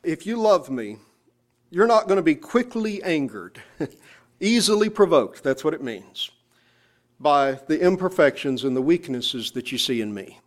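A man preaching a sermon in church, emphatic, drawing out key phrases slowly. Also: fairly high pitch, very animated. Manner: emphatic, slows down on scripture phrases.

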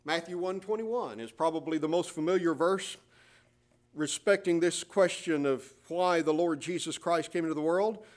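A middle-aged male pastor delivering a sermon with a slightly higher-than-usual voice. He preaches with strong emphasis, reading scripture aloud in old-fashioned wording between his own explanations. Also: normal speed.

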